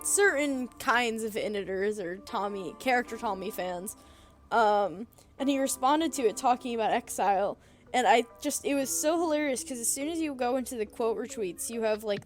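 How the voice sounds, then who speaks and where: A young woman co-hosting a fan podcast in casual chat, telling stories in an animated way with lots of laughs and fillers. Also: a little high, normal speed, faint music behind. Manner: giggly, animated storytelling with many fillers. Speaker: podcast co-host.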